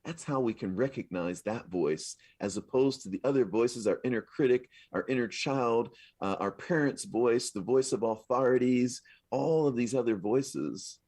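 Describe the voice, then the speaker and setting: A man's voice: medium pitch, normal speed, few pauses, a little mellow, slightly rough, dry recording. A man, a minister, preaching a sermon at a live service in a conversational, affirming way, repeating his points. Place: live service at a spiritual center.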